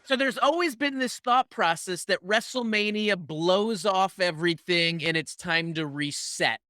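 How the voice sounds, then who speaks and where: Bright, high-voiced male co-host who keeps the questions coming. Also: unhurried, no echo, soft background music. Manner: eager, prompting questions. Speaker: podcast co-host. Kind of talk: casual interview questions.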